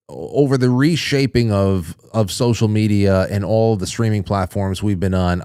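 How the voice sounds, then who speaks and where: Male call-in host with a low-set voice, casual and joking, close dry mic. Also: dry recording. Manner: chatty, jokey, animated when reacting. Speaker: radio show host. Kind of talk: casual call-in show, reading viewer messages.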